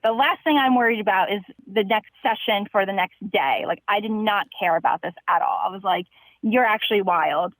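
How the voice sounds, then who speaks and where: A woman's voice: mid-range voice, a little fast, hardly any pauses, fairly bright tone, dry recording, poor audio. A young woman calling in to a show, telling a grim story in a chipper way and laughing through it. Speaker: caller. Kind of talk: phone-in storytelling.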